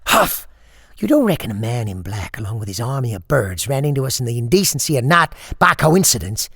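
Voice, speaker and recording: A woman's voice: rumbling low, sing-song, a little fast, a bit bright, breathy edge, no echo, studio quality, full character voice. A woman voicing a wary, thoughtful young boy who questions things cautiously. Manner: cautious, reasoning. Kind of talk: horror story reading.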